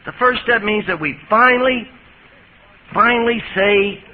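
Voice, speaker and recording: A male priest giving a lively, folksy talk on recovery to an audience, recorded on an old 1980s tape. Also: high-pitched, measured pace. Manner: lively, folksy, jokey storyteller. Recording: muffled 1980s tape with hiss.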